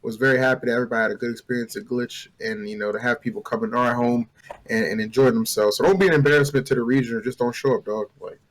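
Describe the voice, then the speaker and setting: A man's voice: mid-range voice, fairly even intonation, rapid-fire. A man co-hosting a casual talk show, talking in a laid-back way with lots of fillers. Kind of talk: casual chat.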